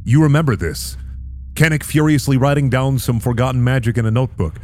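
A man serving as dungeon master, narrating a tabletop game in a calm, descriptive way. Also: medium pitch, fairly quick, no room sound. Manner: calm descriptive narration, casual swearing out of character.

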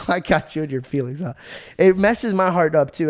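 Young male podcast host with a slightly high voice, animated casual storytelling, swears freely. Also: normal speed, background noise. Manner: animated, swearing, says "bro" often.

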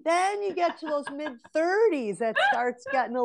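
A woman's voice: high-pitched, animated, normal speed, vocal fry, over a noisy crowd. A woman in her forties, a guest on an interview, telling a personal story and giving earnest advice straight to women listeners. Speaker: interview guest, relationship mentor. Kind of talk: casual conversational storytelling.

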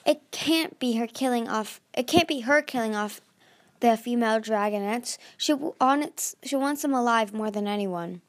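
A woman's voice: on the high side, normal speed, lightly acted. Tsunami, a proud young sea dragoness, as a woman reads her. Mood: upset. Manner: insistent, defensive.

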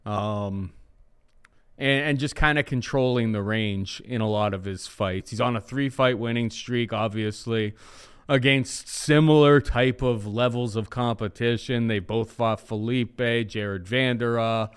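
Smooth-voiced man weighing betting odds. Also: medium pitch. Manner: measured, analytical, with frequent "um" and "like". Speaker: co-host, fight analyst. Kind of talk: casual podcast chat making betting picks.

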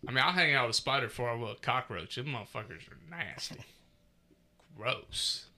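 A man's voice: mid-range voice, lively intonation, a little fast, sharp tone. A man hosting a casual podcast, working through a list in an easygoing way and laughing often. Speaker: podcast host. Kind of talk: casual chat.

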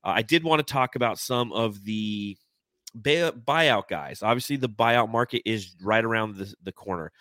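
A man's voice: lowish voice, moderate pace, a bit bright, no echo, studio quality. A man hosting a casual sports podcast, reading out fan comments and laughing often. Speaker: podcast host.

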